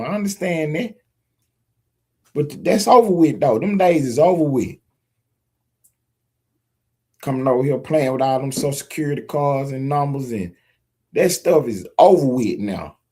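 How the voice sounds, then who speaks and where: A man's voice: fairly high pitch, dark tone. Emphatic man preaching to his viewers. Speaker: political commentator. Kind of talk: direct-to-camera opinion monologue. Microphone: streaming setup mic.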